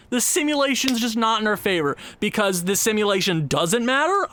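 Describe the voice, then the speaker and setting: A young man commenting on his own gameplay, sighing and exasperated, his voice jumping high when frustrated. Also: big pitch swings, normal speed, few pauses, pushed and bright. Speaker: gaming YouTuber.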